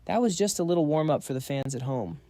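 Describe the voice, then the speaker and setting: A man's voice: a little high, lively intonation, fast talker, mellow, no echo, studio quality. A man voicing a cocky, cheerful young male fighter who taunts his opponent. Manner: teasing, playful.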